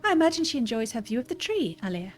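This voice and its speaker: A woman's voice: a little high, very animated, fast, soft background music. A woman reading aloud the lines of a formal, dutiful male robot servant in a stiff, polite manner. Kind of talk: reading game dialogue aloud.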